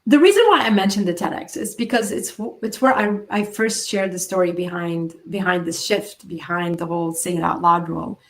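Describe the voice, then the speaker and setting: Woman coaching with emphatic pauses. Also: on the low side. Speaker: podcast host. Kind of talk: solo motivational talk.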